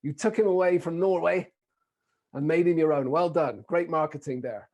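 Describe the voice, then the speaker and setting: A middle-aged man with a British accent, giving a lively, playful keynote talk over a video call. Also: on the high side, moderate pace. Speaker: keynote speaker. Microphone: video call microphone.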